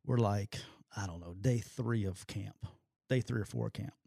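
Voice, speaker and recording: A middle-aged former football coach tells stories in casual sports talk, laughing a lot and acting out what other people said in raised voices. His fairly low voice has vocal fry and moves at a normal speed. The studio-quality recording has no echo.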